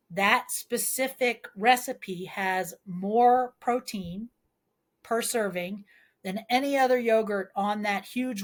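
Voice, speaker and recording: A woman with a mid-range pitch speaking as a midwife guest on a podcast. She explains earnestly, leans on everyday analogies and presses her advice home with emphatic pleas.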